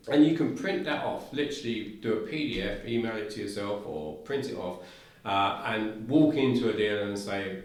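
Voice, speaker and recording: A man's voice: lowish voice, brisk. A man with a South London accent, talking enthusiastically as a podcast guest and often restarting his sentences. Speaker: guest, cooker company representative. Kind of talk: casual podcast conversation. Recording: very echoey room.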